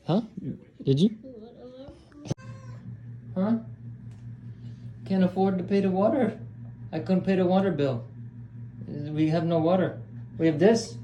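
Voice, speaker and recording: A man chats playfully with his pets at home, teasing them and coaxing them. His voice sits a bit higher than most men's. The home video has a clear hiss of noise behind him. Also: mellow. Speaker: pet owner filming at home. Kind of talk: casual home video chat.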